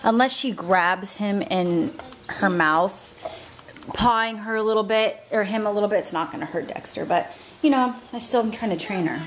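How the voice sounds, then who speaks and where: A young woman talks casually to the camera in a home vlog, her voice sitting at an ordinary middle pitch. She chats easily, laughs often and switches to a coaxing tone with her pets. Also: normal speed, background noise. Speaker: vlogger.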